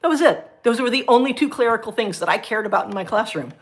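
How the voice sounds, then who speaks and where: A former science teacher, now a livestream host, rants animatedly during a casual livestream chat. She talks fast and tells her stories with big jumps in pitch.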